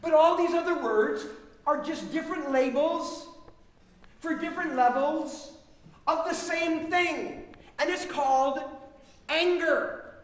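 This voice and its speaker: A man's voice: very high voice, takes it slowly, pauses often. A man preaching a humorous, self-mocking sermon as pastor on a church stage. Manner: self-mocking, animated storyteller. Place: large church hall. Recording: echoey church hall, long reverb.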